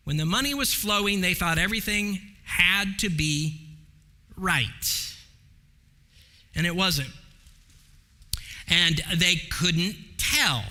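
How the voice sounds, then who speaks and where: A man preaching to his congregation in a church sanctuary, his voice high and bright with a wide, animated swing. He speaks slowly and leans hard on key words, sometimes rising almost to a shout. A long reverb trails each phrase through the hall. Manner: emphatic preaching with dramatic slowdowns and raised voice. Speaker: pastor. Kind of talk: sermon.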